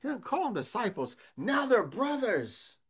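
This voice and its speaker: Man, pastor, high voice, earnest sermon, emphatic, rhetorical questions. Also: very animated, moderate pace, a bit bright, slightly rough.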